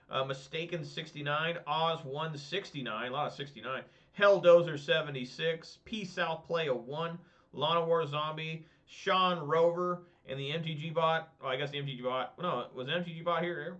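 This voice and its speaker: A man's voice: fairly high pitch, sharp tone. A man streaming a card game, chatting casually in a frank, rambling way with lots of fillers and some grumbling. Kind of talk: casual outro chat while gaming. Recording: slightly dull lo-fi stream audio.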